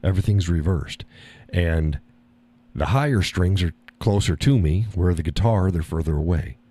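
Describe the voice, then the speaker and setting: A man's voice: deep voice, animated, normal speed, warm tone, husky. A man hosting a live stream, chatting casually and reading the chat, folksy and easygoing, often repeating his own phrases.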